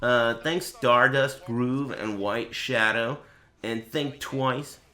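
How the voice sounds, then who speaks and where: A man's voice: medium pitch, slow pace. A man hosting a livestreamed podcast in casual chat, telling stories animatedly with a lot of swearing and laughter. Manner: profane, animated storytelling with frequent laughter. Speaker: streamer and podcast host.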